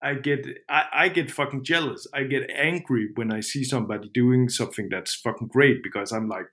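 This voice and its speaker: A man's voice: medium pitch, fairly quick, bright, forceful tone. A man co-hosting a podcast in casual chat, often restarting his words and laughing. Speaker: podcast co-host.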